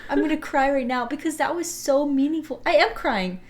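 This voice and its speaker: Young female podcast co-host, slightly high voice, animated storyteller who laughs a lot. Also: fairly quick. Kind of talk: casual chat.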